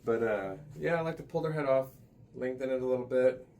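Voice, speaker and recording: A man's voice: mid-range voice, fairly quick, creaky, mellow. A man working as a massage therapist, giving a casual hands-on demonstration with loose, chatty asides in a massage room. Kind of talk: hands-on instructional demo.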